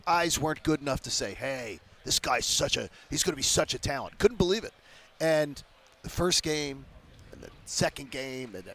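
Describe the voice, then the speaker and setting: A man in his fifties from the Philadelphia area, a sports radio guest telling stories with animated emphasis in a casual interview. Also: medium pitch. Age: 50s.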